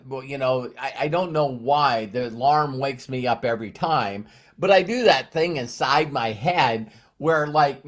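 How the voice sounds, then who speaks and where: A man's voice: medium pitch, normal speed. A man giving a motivational talk on a live stream, rambling with many restarts and repeated words, short on sleep. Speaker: motivational speaker.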